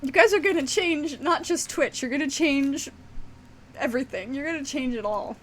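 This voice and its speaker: A woman's voice: sits high, moderate pace, a bit bright, a little hiss or hum. A young woman talking casually to her viewers, teary and laughing, rambling with many restarts. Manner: teary, fighting back tears, laughing often. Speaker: streamer. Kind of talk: casual emotional chat to viewers.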